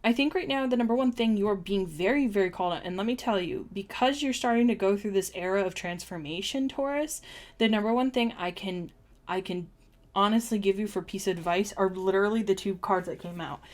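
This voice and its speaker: A woman's voice: medium pitch, brisk, a little mellow. A woman giving a chatty, rambling oracle card reading on a live stream, with many ums and restarts. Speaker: tarot reader.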